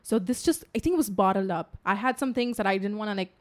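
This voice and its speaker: A woman in her twenties, co-hosting a podcast in casual chat, telling animated stories with lots of swearing and laughter. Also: medium pitch, fast. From United Arab Emirates. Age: 20s. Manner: animated storytelling, swears freely, laughs often. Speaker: podcast co-host.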